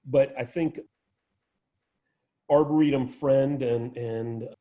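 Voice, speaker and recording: A man's voice: medium pitch, fairly even intonation, slow, mellow. A man giving an informal plant lecture, conversational, with frequent restarts and asides. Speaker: arboretum director giving a plant talk.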